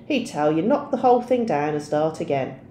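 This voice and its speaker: A woman voicing a calm, down-to-earth father in a storybook reading. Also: sits low, fairly quick, roomy sound, a little hiss or hum. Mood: easy. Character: plain-spoken calm working dad.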